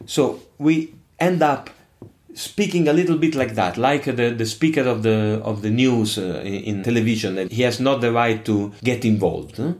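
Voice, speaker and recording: An older man with an Italian accent, a non-native English speaker, answering interview questions in an expressive, emphatic and digressive way. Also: medium pitch, moderate pace. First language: not English. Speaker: musician guest.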